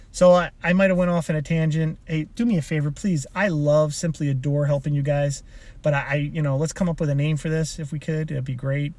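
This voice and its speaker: Mellow-voiced man telling a motivational story. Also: on the high side. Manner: rambling, with frequent restarts and asides. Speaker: personal development coach. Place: inside a car.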